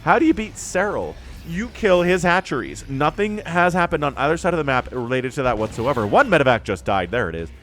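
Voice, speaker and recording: A man giving solo play-by-play commentary on a strategy game, excitable and jokey, talking straight to his viewers. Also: on the high side, brisk, few pauses, a little hiss or hum. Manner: excitable, talks to viewers directly, jokey asides. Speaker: esports caster.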